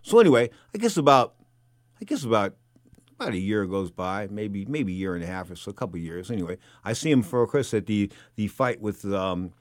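A middle-aged man telling a casual anecdote, animated and rambling, full of repeats and fillers. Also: fairly low pitch, brisk, no room sound, clean studio sound. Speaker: storyteller.

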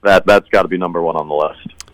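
A man's voice: deep voice, fairly even intonation, fast, no echo, rough recording. A man who acts in musical theater, answering interview questions in an earnest, conversational way. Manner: earnest, repeats words when starting. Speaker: musical theater actor guest.

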